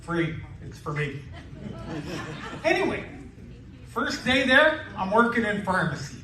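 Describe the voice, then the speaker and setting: A man's voice: high voice, sing-song, a little slow. A man in his sixties doing a stand-up comedy set with brash, crude punchlines on a club stage in a casino. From Canada. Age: 60s. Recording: roomy live club sound from a distance with crowd noise.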